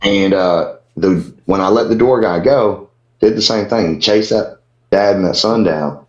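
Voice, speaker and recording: A man's voice: on the low side, unhurried. Man, comedian, casual storytelling, blunt, swearing, roomy room, dull sound. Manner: heated, blunt, swears freely. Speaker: podcast guest, comedian. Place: Austin, Texas. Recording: roomy, dull podcast audio.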